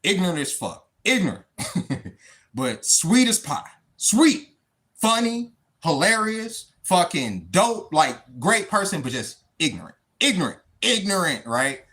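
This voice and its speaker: A man's voice: sits high, sing-song, measured pace, sharp tone. A man from the United States talking off the cuff on a livestream, emphatic, swearing constantly and repeating himself. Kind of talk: unscripted livestream monologue.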